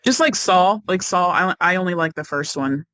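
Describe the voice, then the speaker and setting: Co-host: bright-toned, relaxed chatty storyteller, middle pitch. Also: normal speed. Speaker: guest co-host. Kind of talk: casual podcast chat.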